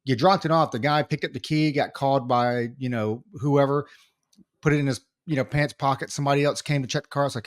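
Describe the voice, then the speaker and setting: A man co-hosting a podcast, telling a story in casual chat, animated and full of restarts. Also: medium pitch, fairly quick. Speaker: podcast co-host.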